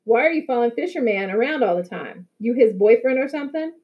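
A swaggering teenage bully sneers and taunts in a raised, higher voice, as a woman reader puts him on. The recording sounds a little muffled. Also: expressive, fast, natural voice. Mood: taunting.

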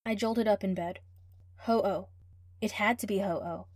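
A woman reads a first-person story aloud with steady, expressive pacing. Her voice sits at a middle pitch, and the recording is dry and close with no room sound. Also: a little slow, no echo. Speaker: reader. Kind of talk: reading fan fiction aloud.

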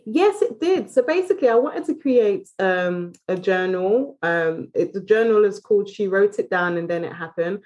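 A woman's voice: mid-range voice, lively intonation, a little mellow, muffled recording. Candid British woman guest. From Britain. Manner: open, quick-talking, often restarting phrases. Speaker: podcast guest. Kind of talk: candid casual chat.

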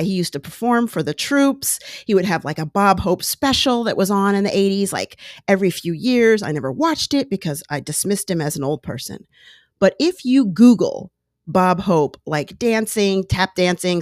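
Woman host, casual monologue, low-ish voice, dry close recording. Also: dry recording. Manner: chatty, digressive, animated. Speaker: podcast host.

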